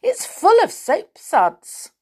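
A woman voicing a deaf, cheerful little man covered in clanking saucepans, who speaks loudly and mishears everything. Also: wildly swooping pitch, takes it slowly, full character voice. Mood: cheerful confusion. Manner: loud, high, mishears everything.

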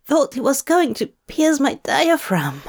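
A woman reading the lines of a gentle, fussy man in a soft, prim manner, a little above her own pitch. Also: sing-song, a little slow, full character voice. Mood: wry.

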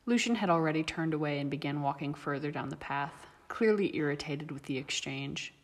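A woman reading a story aloud as narrator, steady and even. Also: low-pitched, a little fast. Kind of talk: audiobook reading of fan fiction. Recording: long reverb.

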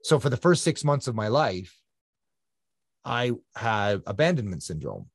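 A man's voice: medium pitch, very animated, measured pace, no room sound, clean studio sound. A man, a guest endurance athlete, telling his personal story in an earnest, reflective conversational way, often repeating phrases for emphasis.

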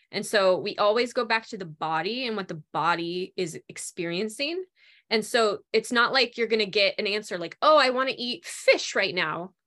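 Bright-voiced woman in animated chat. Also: mid-range voice. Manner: animated, acts out inner voices. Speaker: guest on food and cravings. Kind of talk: casual conversation.

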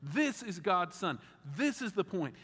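A man pastor preaching a sermon in a conversational, animated way with wry asides. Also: sits high, unhurried, slightly rough. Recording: long reverb of a large hall.

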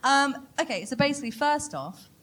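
A woman co-hosting a comedy podcast, pitching ideas with many hesitant fillers. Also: animated, moderate pace, a bit bright. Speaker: podcast co-host.

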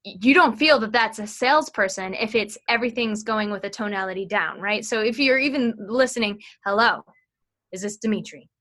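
A woman sales training consultant talking as an interview guest, chatty and explanatory, with quick asides as she explains phone technique. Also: a little high, fairly bright tone.

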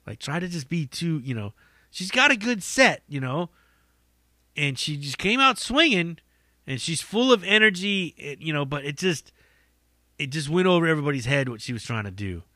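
A man's voice: a little high, big pitch swings, moderate pace, pushed and bright, no echo, clean studio sound. A man, a stand-up comic hosting a podcast, telling rambling stories in casual chat, swearing freely and laughing at his own jokes. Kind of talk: casual storytelling monologue.

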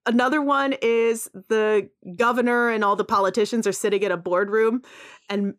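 A woman's voice: on the high side, steady tone, normal speed, fairly bright tone. A woman in a casual podcast chat, animatedly retelling a film and acting out quoted lines between laughs.

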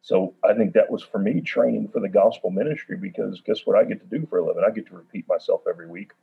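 Pastor guy joking around in chat, lowish husky voice, sounds like a phone line. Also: quick pace. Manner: teasing, joking. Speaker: pastor and podcast co-host. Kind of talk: casual chat.

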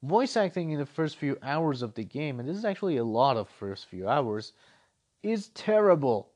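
A man with a slightly higher-than-average voice talks through a game review. He rants casually, swinging between exasperation and easy chatter. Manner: animated, exasperated ranting.

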